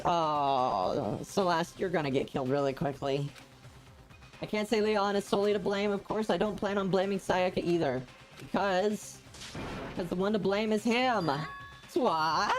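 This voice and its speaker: A woman plays a story-driven game, voicing its dialogue herself in a slightly low register. She breaks off now and then for playful comments. Soft game music runs underneath. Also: moderate pace. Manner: voices the characters' lines, then adds joking asides. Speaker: gaming streamer. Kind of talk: reading game dialogue aloud and reacting.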